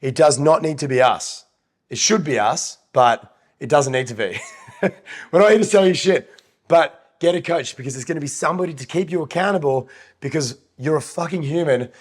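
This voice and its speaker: A man co-hosting a fitness podcast, talking bluntly with lots of swearing, his voice a bit nasal and husky today. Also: fairly high pitch. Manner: blunt, heavy swearing, fast advice-giving. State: nasal, slightly hoarse. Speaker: podcast co-host and coach. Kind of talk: casual podcast chat.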